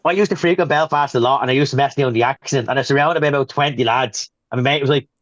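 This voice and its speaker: A man co-hosting a casual wrestling podcast, telling stories in a rapid rush. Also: medium pitch, no echo, lo-fi sound. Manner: rapid storyteller, acts out quotes. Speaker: podcast co-host. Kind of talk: casual chat.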